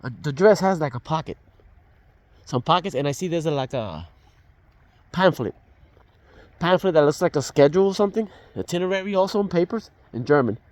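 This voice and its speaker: A man's voice: a little high, lively intonation, fairly quick, pauses often, a little mellow, no echo. An older man telling a personal testimony in a casual, rambling way, with restarts and fillers and the dialogue acted out as he goes. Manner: reenacts dialogue as he tells it. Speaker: storyteller.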